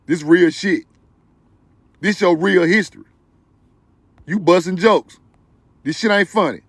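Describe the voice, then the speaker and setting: Lively, gravelly livestreaming man. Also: high voice, dry recording. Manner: animated, preachy and joking, laughs loudly; talks to viewers directly. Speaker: livestream host. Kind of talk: excited livestream commentary.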